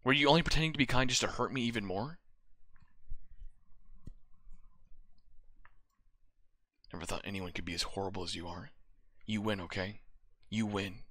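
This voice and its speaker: A man's voice: fairly low pitch, fast, no room sound. Monika, a clingy schoolgirl, as a man reads her. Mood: heartbroken. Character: lovesick teenage girl, clingy club president. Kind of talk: reading game dialogue aloud. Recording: loud music behind.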